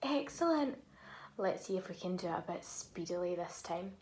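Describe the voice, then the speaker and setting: A woman teacher leading a phonics lesson for young children, speaking in an encouraging way and pausing for them to repeat. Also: medium pitch, big pitch swings. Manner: slow, encouraging, speaks to children with pauses for repetition.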